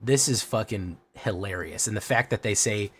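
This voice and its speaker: A man's voice: fairly low pitch, moderate pace, a bit bright, husky. A man streaming a card game, chatting casually with viewers in a rambling, profane way. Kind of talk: casual live-stream chat.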